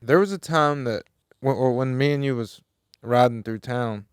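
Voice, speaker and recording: A man, co-hosting a podcast, chatting in a relaxed way and adding his own story. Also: mid-range voice, moderate pace, smooth, no echo, studio quality. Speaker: podcast co-host. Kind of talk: casual chat.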